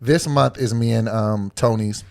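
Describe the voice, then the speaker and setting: Gravelly man in casual podcast chat. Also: mid-range voice, fairly even intonation, a little slow, darkish tone. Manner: laid-back storytelling, laughs often. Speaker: podcast co-host.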